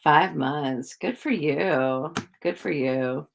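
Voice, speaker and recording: A woman's voice: low voice, slow pace, creaky. A woman chatting casually with viewers on a livestream, rambling with lots of fillers and little giggles. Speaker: psychic livestreamer.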